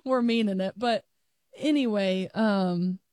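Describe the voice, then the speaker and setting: A woman's voice: medium pitch, slow pace, darkish tone, no echo, clean studio sound. A young adult woman co-hosting a show, telling stories in a chatty way with frequent restarts. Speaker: co-host. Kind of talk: casual chat.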